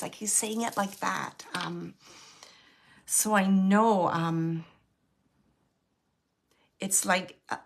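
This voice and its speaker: Woman medium, bright clear voice, hesitant and filler-laden, passing on messages during a live reading. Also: fairly high pitch, expressive. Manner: halting, filler-heavy, relays spirit's words.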